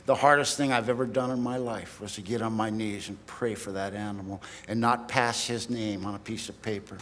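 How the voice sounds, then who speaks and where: A man's voice: on the low side, steady tone, a little fast, fairly bright tone, slight background noise. A man in his sixties from Southern California, telling his recovery story at a meeting in a blunt, streetwise, self-mocking way. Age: 60s. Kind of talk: sharing a personal story from a podium. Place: large hall. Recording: archival recording in a long-reverb hall.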